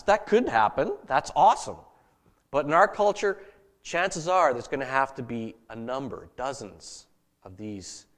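Male pastor mid-sermon; lively and expressive, chatty delivery that turns soft and earnest. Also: a little high, big-room sound. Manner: animated, conversational preaching that drops to soft, earnest tones.

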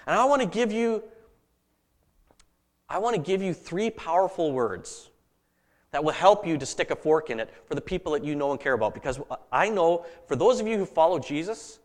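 Male pastor mid-sermon; lively and expressive, chatty delivery that turns soft and earnest. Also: fairly high pitch, moderate pace, big-room sound. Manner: animated, conversational preaching that drops to soft, earnest tones.

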